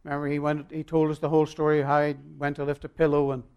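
A male pastor preaching a sermon, emphatic and swinging between loud and quiet, telling stories with long pauses. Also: a little high, monotone, smooth, muffled recording.

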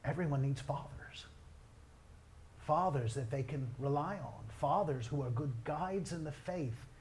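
Middle-aged guy preaching, tells stories, bit of a higher voice, faint hiss behind. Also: measured pace. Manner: storytelling, animated, quoting others in his own voice. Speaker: pastor. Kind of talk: sermon.

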